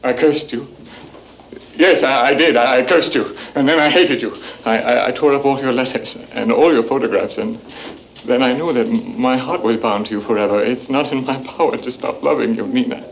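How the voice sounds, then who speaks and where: A man's voice: medium pitch, normal speed, vocal fry, a little hiss or hum, natural voice, low-quality recording. An actor playing a lonely, lovesick young writer in a stage play, stammering and repeating his words. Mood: pleading.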